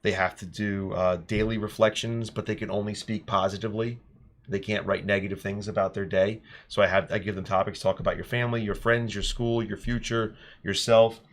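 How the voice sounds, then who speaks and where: A man and teacher telling classroom stories in an earnest, animated podcast chat. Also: on the low side, a little fast. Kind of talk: casual storytelling chat.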